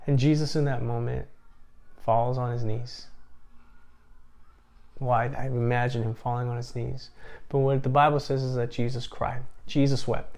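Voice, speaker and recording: A man's voice: mid-range voice, fairly even intonation, unhurried. A man gives an earnest, reflective sermon-style talk. His voice sits in a middle range. He often restarts his phrases as he thinks aloud. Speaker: seminar speaker.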